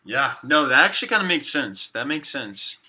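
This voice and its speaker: A young man co-hosts a podcast in an easygoing way. His voice is mid-pitched and very bright. He talks loosely and fills his sentences with "like". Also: big pitch swings, moderate pace. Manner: easygoing, agreeable, says "like" a lot. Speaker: podcast co-host. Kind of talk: casual chat.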